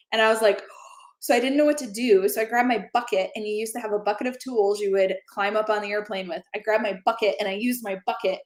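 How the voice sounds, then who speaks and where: A woman co-hosting a casual chat, a lively storyteller who acts out quoted lines. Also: medium pitch, echoey room. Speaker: co-host.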